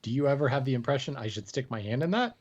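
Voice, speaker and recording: A man's voice: mid-range voice, lively intonation, quick pace, muffled recording. A man with a mid-range voice reads listener mail on a casual podcast. He is playful, laughs often and apologizes for his own jokes. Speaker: podcast co-host.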